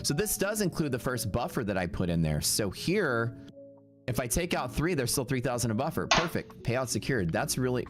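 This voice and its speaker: A man's voice: mid-range voice, big pitch swings, normal speed, over music. A man hosting a live day trading stream, talking casually and thinking aloud as he checks his account, with upbeat slang. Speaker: day trading livestream host. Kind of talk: casual livestream commentary.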